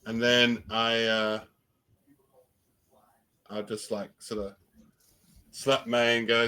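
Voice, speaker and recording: A man's voice: mid-range voice, flat delivery, slow pace, long pauses, bright, forceful tone. A man playing in a tabletop game, laid-back and joking. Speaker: player. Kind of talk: casual tabletop play chat.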